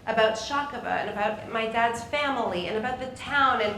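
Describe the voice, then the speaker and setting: A woman's voice: a little high, brisk. Emotional middle-aged woman telling a story. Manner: emotional, animated, acts out voices in her story. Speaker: moderator. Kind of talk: personal storytelling to an audience. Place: synagogue hall. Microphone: microphone in a hall. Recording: echoey hall with faint noise.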